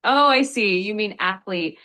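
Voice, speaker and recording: Bright, upbeat synthetic woman tutor. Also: mid-range voice, animated, a little slow. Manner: polite, upbeat, explanatory. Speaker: AI English tutor. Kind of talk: patient vocabulary explanation.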